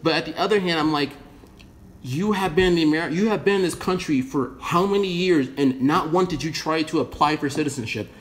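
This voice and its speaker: A man's voice: on the high side, a little fast. Blunt, swearing American man ranting. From United States. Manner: profane, blunt and rambling, swears constantly. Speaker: vlogger. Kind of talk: casual opinion rant to camera.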